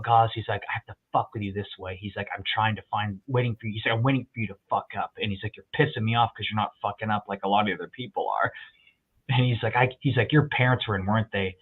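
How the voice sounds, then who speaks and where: A man's voice: lowish voice, slightly rough. Profane storytelling man on a tinny line. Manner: profane, animated storyteller, quotes others in voices. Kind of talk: casual storytelling chat.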